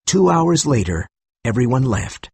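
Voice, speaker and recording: Husky male story narrator. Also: medium pitch, big pitch swings, unhurried, a little mellow, dry recording. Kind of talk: scripted story narration for learners.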